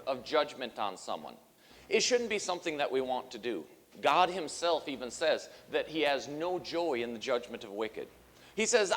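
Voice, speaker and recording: A man's voice: fairly high pitch, long reverb tail. A man preaching a sermon as pastor, talking conversationally with many fillers and acting out the quotes he tells. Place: church sanctuary.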